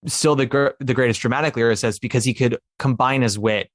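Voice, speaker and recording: A man's voice: medium pitch, steady tone, a little fast, dry recording, clean studio sound. A man chatting eagerly as a podcast guest, rambling with many fillers and restarts. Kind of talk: casual chat about musical theatre.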